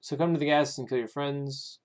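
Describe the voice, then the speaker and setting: A man's voice: mid-range voice, fairly even intonation, normal speed, lightly acted. A man reading out the lines of a scheming male villain who gloats over his trapped victim, smug and taunting with small hesitations. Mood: smug gloating. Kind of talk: reading game dialogue aloud.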